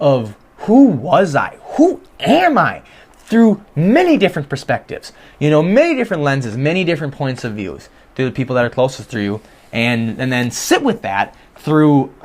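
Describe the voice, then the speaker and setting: A man's voice: on the high side, darkish tone. A young man hosting his own podcast from his bedroom, talking through his thoughts in an earnest, rambling way with many restarts. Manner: earnest, rambling, self-reflective with frequent restarts. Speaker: podcast host. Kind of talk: casual solo podcast monologue. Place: home bedroom.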